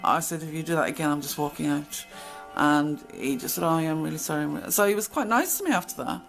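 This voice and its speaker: A woman's voice: deep voice, quick pace, creaky, faint music behind, rough recording. A middle-aged woman telling stories from her past in a casual, blunt monologue. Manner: chatty, blunt, acts out quoted exchanges. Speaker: channel host.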